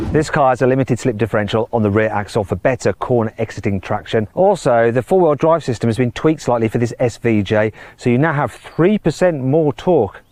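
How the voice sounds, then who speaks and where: A man's voice: lowish voice, dry recording. A man presenting a car review, talking with enthusiasm and exclaiming as he drives. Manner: enthusiastic, exclaims and laughs while driving. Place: in and around a sports car. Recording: loud engine and road noise.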